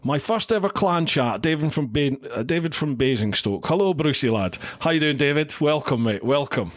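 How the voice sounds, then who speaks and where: A man's voice: a little high, lively intonation, normal speed. A middle-aged man hosts a casual livestream chat, reading out viewer comments and greeting each viewer by name. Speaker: podcast host. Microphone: studio mic into a recorder.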